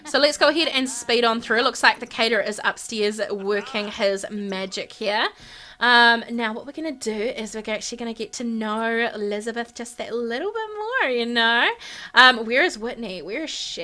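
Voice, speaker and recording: A woman's voice: on the high side, lively intonation, normal speed, sharp tone. A woman hosting a gaming channel, giving casual, chatty gameplay commentary full of fillers. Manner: chatty, bubbly, lots of fillers.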